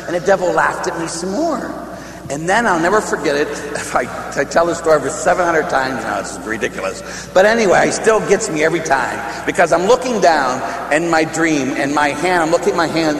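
A man preaching a storytelling sermon, animated and quick to laugh, acting out every voice in his tales. His voice sits a little high for a man and rings through a long, echoey hall with a faint hum behind it. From Pittsburgh. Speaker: priest.

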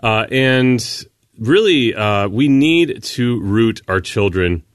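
A man's voice: medium pitch, lively intonation, takes it slowly, smooth, no room sound, studio quality. Earnest man wrapping up a show. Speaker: show host. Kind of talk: radio host wrap-up.

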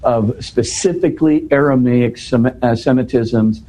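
A man's voice: medium pitch, unhurried, dark tone, low-quality recording. A man explaining a scripture passage in a scholarly but casual way, with frequent restarts and "you know". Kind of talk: conversational explanation.

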